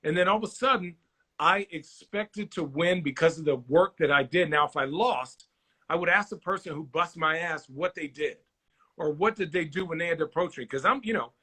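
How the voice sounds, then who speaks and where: A man's voice: on the high side, normal speed, husky. A man in his forties, a former basketball player, telling stories in a casual interview and acting out the people he quotes. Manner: animated storyteller, acts out quoted voices.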